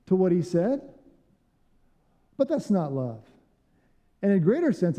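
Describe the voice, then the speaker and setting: A man's voice: high voice, in a large hall. A man preaching a sermon as pastor, telling stories and acting out quotes. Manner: animated storytelling with acted quotes. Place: church sanctuary.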